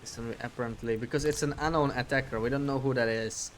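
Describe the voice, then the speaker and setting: A man's voice: medium pitch, steady tone, fast, slight background noise. Man thinking aloud over a game. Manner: thinks aloud while playing. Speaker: streamer. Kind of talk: casual gameplay commentary.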